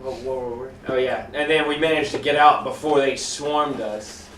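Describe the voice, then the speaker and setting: A man playing an honest cop at a tabletop game, explaining haltingly, recorded from a distance. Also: medium pitch, steady tone, a bit bright, slight background noise. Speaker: player. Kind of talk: in-character tabletop play. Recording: echoey room from far off.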